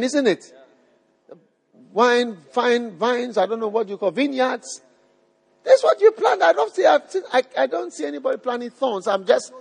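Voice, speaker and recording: A very high-pitched, creaky, husky voice belongs to a man preaching live to a church-hall congregation. He speaks emphatically, repeats his phrases and puts questions to the crowd, with long hall reverb on the recording.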